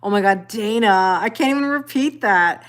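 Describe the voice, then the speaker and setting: A middle-aged woman hosts a casual tarot live stream from home, chatting, greeting viewers by name, and laughing often. Her medium-pitched voice is animated and moderately paced.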